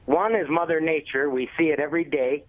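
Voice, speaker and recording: A man's voice: fairly high pitch, brisk. A man from the Cleveland area calling in to a radio show, laying out his points with confident insistence. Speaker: caller. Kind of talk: phone-in caller making a point. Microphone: telephone. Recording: tinny phone line.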